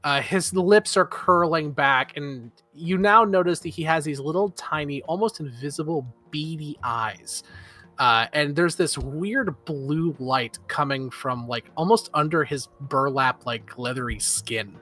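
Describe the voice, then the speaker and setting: Man game master, slow and bright, narrating with many ums. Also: a little high, faint music behind. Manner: relaxed, with filler pauses.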